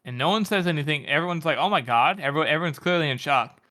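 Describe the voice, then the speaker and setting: A man co-hosting a podcast, chatting about a book in an animated, jokey way. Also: fairly high pitch, rapid-fire. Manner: animated, jokey, laughs into his lines. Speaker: podcast co-host. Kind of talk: casual book discussion chat.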